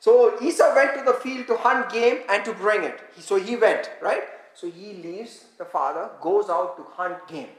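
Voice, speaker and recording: In an echoey room, a woman delivers a sermon, reading scripture and leading the congregation to echo words back as she teaches through call-and-response. She speaks in a mid-range voice at normal speed with few pauses.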